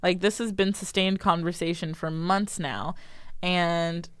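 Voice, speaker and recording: A woman's voice: fairly low pitch, steady tone, unhurried, smooth, no echo. A young woman co-hosting a podcast, chatting animatedly and laughing often. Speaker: podcast co-host. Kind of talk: casual chat.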